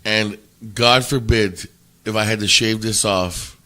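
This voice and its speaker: A man's voice: on the low side, steady tone, unhurried, sharp tone. A man in a casual podcast chat, blunt and profane, often stumbling and restarting his words. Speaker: podcast co-host.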